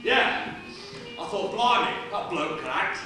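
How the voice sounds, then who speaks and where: A man voices a veteran comedian cracking gag after gag, high and lively, chuckling between punchlines. It sounds like a live stage play in a reverberant theatre, caught from a distance. Music sits beneath the voice. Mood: joking. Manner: quick-fire gags with a chuckling laugh. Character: joking veteran male stage comedian impression. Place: small studio theatre stage.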